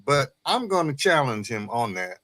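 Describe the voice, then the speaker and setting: A man's voice: medium pitch, very animated, normal speed, fairly bright tone. Emphatic man on a live panel. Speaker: panelist on a live-stream discussion. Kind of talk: casual argumentative talk.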